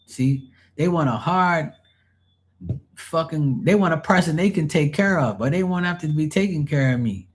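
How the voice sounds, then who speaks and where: A man's voice: on the high side, normal speed. Profane, blunt man chatting on a live stream. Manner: animated, mocking quoted voices. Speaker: live-stream tarot reader. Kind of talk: casual live-stream chat.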